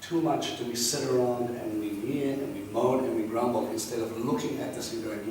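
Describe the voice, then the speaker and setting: A man preaching a sermon to a congregation, emphatic and repetitive, swinging between loud and hushed passages. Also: mid-range voice, fairly even intonation, moderate pace, few pauses. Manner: repetitive, rhythmic exhortation. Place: congregation hall. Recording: echoey hall from far off, faint background noise.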